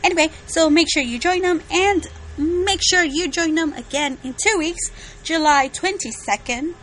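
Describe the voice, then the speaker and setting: A woman's voice: very high voice, normal speed, a bit bright, a little hiss or hum. A woman co-hosting a fan podcast in casual chat, chatty and giggling often. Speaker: podcast co-host.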